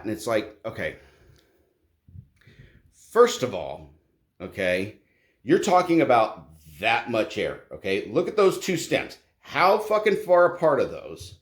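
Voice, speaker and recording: A man's voice: on the low side, huge pitch swings, slow, reverberant. Blunt, profane man ranting. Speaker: tradesman vlogger.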